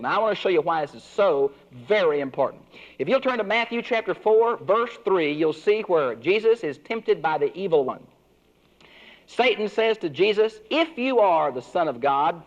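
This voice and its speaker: Older male Bible teacher, fairly high voice, earnest classroom delivery, dull recording. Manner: earnest teaching, swinging pitch for emphasis.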